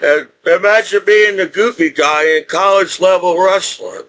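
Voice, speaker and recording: A middle-aged man with a notably high speaking voice delivers a loose, rambling personal monologue. He chuckles often between thoughts and circles back to the same points again and again. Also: normal speed, fairly bright tone, poor audio. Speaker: military veteran vlogger.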